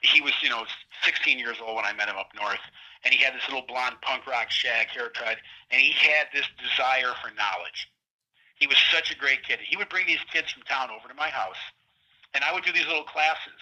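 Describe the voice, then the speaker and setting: A middle-aged man calling in as a guest, telling a long story in a rambling, animated way and acting out what others said. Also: medium pitch, brisk. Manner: rambling, animated retelling with quoted voices. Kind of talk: casual storytelling interview. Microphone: phone line. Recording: tinny prison phone line.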